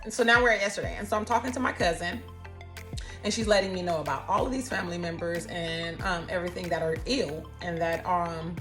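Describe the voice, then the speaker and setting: A woman, telling her own cancer story in a casual, expressive, folksy way. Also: fairly low pitch, fairly quick, soft background music. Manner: animated, expressive, folksy, calls listeners honey.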